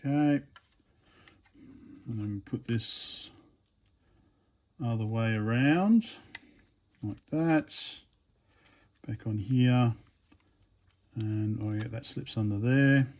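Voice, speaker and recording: A man giving a casual hands-on teardown commentary, thinking aloud in a hesitant, low-key way with many fillers and restarts while he works. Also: drawn-out words, pauses often, darkish tone. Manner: low-key, mutters asides while working with his hands. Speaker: electronics hobbyist vlogger.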